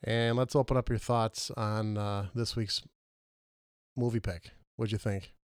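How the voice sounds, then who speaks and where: A man co-hosting a casual movie podcast, questioning his partner and arguing his points with lively jumps in pitch. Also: a little slow, clear, resonant tone, dry recording, clean studio sound. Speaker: podcast co-host.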